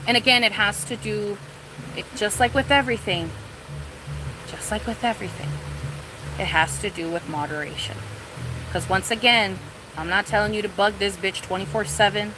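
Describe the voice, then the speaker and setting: A woman's voice: medium pitch, measured pace, pauses often, music in the background, rough recording. A young woman streaming live, ranting casually and profanely with lots of "like" and "you know what I mean.". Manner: profane, rambling, lots of fillers.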